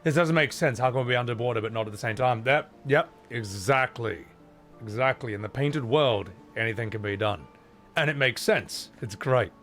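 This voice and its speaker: A man's voice: medium pitch, moderate pace, a bit bright. A man casually commenting while playing a video game, chatty and swearing freely, laughing often. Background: game music.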